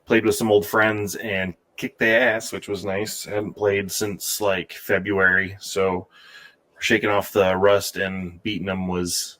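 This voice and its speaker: A man's voice: low voice, level tone, a little slow, fairly bright tone. A man co-hosting a podcast in an easygoing, upbeat way. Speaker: podcast co-host. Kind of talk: casual podcast chat.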